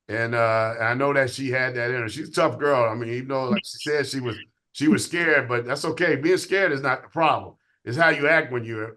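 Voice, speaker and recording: A man speaking as a police guest on an interview podcast, measured and reflective, with hesitant fillers. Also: mid-range voice, sharp tone. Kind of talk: conversational interview.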